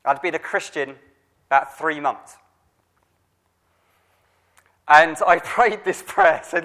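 A youth worker in his thirties gives an informal sermon in a high-pitched, slightly bright voice at normal speed. His delivery is chatty and conversational, full of fillers and restarts, and he puts questions directly to the audience.

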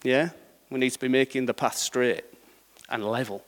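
A man's voice: mid-range voice, steady tone, moderate pace, a bit bright, long reverb tail. A middle-aged man preaching a sermon in a conversational way, often checking in with the congregation. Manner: conversational, checks in with repeated "yeah?".

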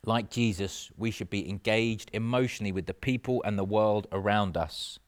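Earnest low-voiced man preaching. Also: moderate pace. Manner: earnest, conversational, with self-mocking asides. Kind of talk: sermon.

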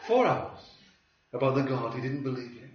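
A man preaching a sermon, telling a story with wry humor and lively delivery. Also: mid-range voice, noisy background. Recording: roomy hall from a distance, dull sound.

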